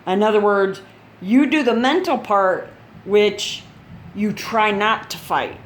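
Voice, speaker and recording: A woman's voice: medium pitch, lively intonation, takes it slowly, slight background noise. An older woman chatting casually in a video update, rambling and blunt and laughing at her own stories. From Chicago. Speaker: gaming channel host.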